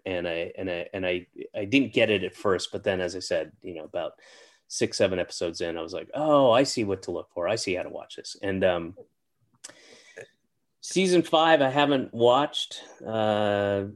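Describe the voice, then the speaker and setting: A middle-aged man with a fairly low voice, chatting as an interview guest. He talks in a halting, meandering way, full of fillers and restarts. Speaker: interview guest, comedian and actor. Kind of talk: casual interview chat.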